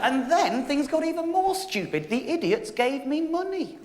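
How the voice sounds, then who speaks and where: A man in his thirties doing stand-up, telling a long comic story in a wry, animated way. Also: extremely high pitch, moderate pace. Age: 30s. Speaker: stand-up comedian. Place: theatre stage. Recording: echoey live venue, faint noise.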